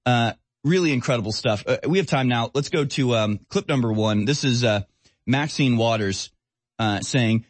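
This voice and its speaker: A man's voice: medium pitch, moderate pace, dry recording. A man hosting a political talk radio show, speaking sarcastically and mocking the people he discusses. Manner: sarcastic, mocking, mimics voices.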